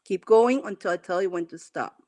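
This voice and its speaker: On a live stream, a spiritual coach guides listeners through affirmations, coaxing them with repeated instructions. She has a mid-range, dark-toned voice and keeps a moderate pace.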